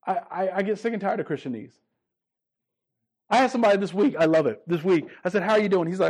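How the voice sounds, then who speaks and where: A man preaching a sermon, emphatic and conversational, repeating phrases and stumbling over restarts, slowing down to stress key lines. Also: high-pitched. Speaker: pastor.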